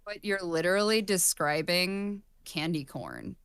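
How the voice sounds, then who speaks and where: Smooth-voiced woman, dry teasing guest. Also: fairly low pitch, big pitch swings, measured pace, fairly bright tone, dry recording. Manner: dry, teasing, swears freely. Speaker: podcast guest. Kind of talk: casual chat.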